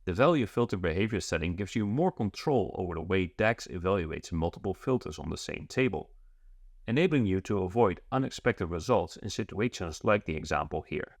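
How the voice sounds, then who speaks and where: A man presenting a software feature demo, explaining each step in a steady, scripted way. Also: low-pitched, a little fast, dry recording, clean studio sound.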